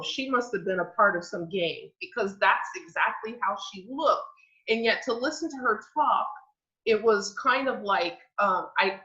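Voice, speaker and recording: A woman's voice: mid-range voice, bright, forceful tone. A woman in her forties sharing a personal story in earnest, reflective tones during a group discussion. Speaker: panelist. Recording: dull lo-fi audio.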